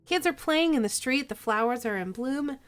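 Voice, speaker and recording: A woman's voice: high-pitched, animated, normal speed, clean tone. A woman streamer playfully reading a dating game aloud and chatting with viewers.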